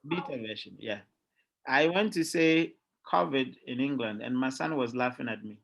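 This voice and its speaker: A middle-aged man with a Ghanaian accent, giving a lively classroom lecture as a university lecturer and often checking in with his students. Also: medium pitch, moderate pace, gravelly, highs cut off. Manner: lively, keeps checking in with "all right?" and quizzing students.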